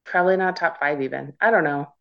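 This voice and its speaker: Deep-voiced female panelist, candid and excitable, on a dull low-fi line. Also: quick pace, gravelly. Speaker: podcast panelist. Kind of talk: casual chat. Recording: dull lo-fi recording.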